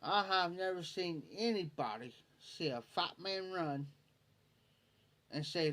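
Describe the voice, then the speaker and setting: Man, rural ohio accent, folksy storyteller, higher pitched, late-night stream chat. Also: slow pace, sharp tone. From Ohio, USA. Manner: folksy, laughing as he tells a yarn. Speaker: livestreamer.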